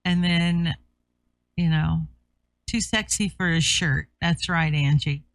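A man's voice: a little high, fairly even intonation, slow pace, creaky, fairly bright tone, dry recording. A man co-hosting a talk show, chatting casually in an easygoing, teasing way. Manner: easygoing, teasing, laughs often. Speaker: co-host. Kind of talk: casual chat.

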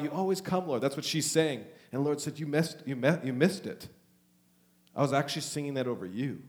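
A man preaching a charismatic Pentecostal sermon in a church, emotional and swinging between loud urging and soft, hushed talk. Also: medium pitch. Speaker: pastor.

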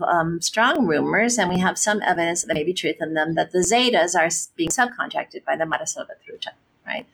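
A woman's voice: lowish voice, a bit bright, slight background noise. A woman pastor answering interview questions, speaking earnestly and with passion, often adding "you know" and "right?".

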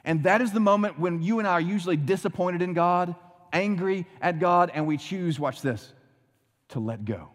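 A man preaching a sermon, dramatic, often dropping to a hushed low voice for emphasis. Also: normal speed, long reverb tail. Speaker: pastor.

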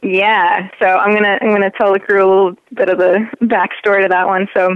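A woman's voice: mid-range voice, little pitch movement, a little fast, clean tone, dry recording. Wry woman guest on a dull remote line. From South Africa and Canada. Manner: wry, laid-back storyteller. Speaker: podcast guest. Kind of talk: casual interview chat.

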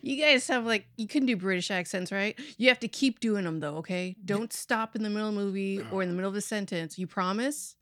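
A woman hosting a podcast in casual chat, animated, laughing a lot and swearing. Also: mid-range voice, fairly quick, hardly any pauses. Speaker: podcast host.

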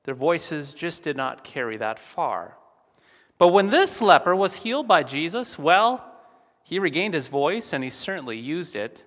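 A man's voice: fairly high pitch, sing-song, unhurried, a bit bright. A man preaching a sermon as a pastor, reading scripture and then speaking with emphatic shifts in volume. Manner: emphatic, varies volume for effect. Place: church. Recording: church with long reverb.

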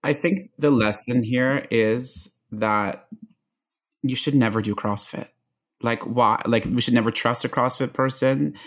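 A man's voice: mid-range voice, fairly even intonation, unhurried. A man in a casual political podcast chat, joking and sounding incredulous. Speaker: podcast panelist.

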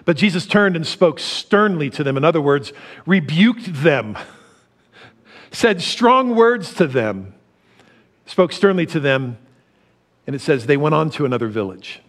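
A middle-aged man preaching a sermon, animated, laughing often and swinging from loud to soft. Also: fairly high pitch, measured pace, long pauses. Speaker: pastor.

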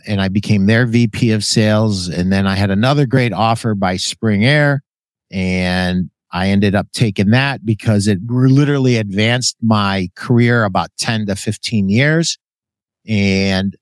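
Guy telling a blunt animated story on a podcast, swears a bit, dry mic. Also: lowish voice, no echo. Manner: animated, blunt, swears freely, acts out quotes. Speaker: podcast host. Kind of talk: casual storytelling chat.

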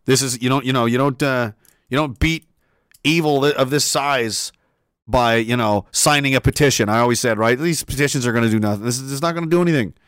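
A man talking on a casual livestream, excitable and profane, laughing often and restarting his sentences. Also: mid-range voice, clear, resonant tone, no room sound, clean studio sound. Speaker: streamer.

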